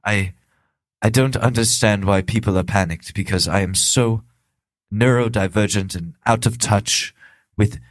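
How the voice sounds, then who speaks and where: A man's voice: lowish voice, no room sound, lightly acted. A man doing a mocking impression of a smug, out-of-touch billionaire who stammers and hesitates. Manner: stammering, halting, with a chuckle.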